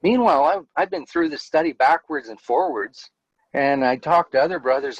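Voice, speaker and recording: A man's voice: a little high, normal speed, husky, no room sound, dull audio. A man, a guest in an interview, telling his own story in a candid, earnest way and laughing now and then as he talks. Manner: earnest, animated, laughs while telling stories. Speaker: interview guest, former Jehovah's Witness elder.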